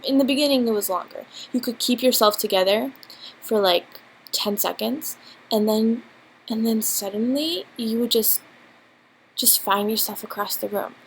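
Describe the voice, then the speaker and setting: Her slightly high voice moves at a moderate pace as this young woman rambles through a giggly storytime vlog at home, dropping plenty of fillers. She's speaking indoors into a built-in laptop mic, and the recording is rough with slight background noise.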